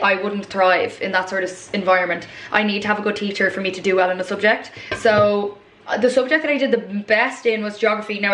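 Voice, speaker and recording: A woman in her twenties with an Irish accent, rambling casually as she cooks and chats to camera. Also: mid-range voice. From Ireland. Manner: rambling, chatty, many fillers and asides. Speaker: vlogger. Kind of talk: casual chat while cooking. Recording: echoey room.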